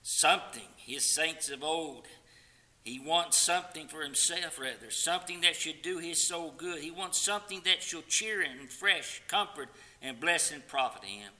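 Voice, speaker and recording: Bright-voiced impassioned man preaching. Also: a little high, expressive, moderate pace. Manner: impassioned, swings from loud pleading to quiet, sometimes sings hymn lines. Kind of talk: sermon.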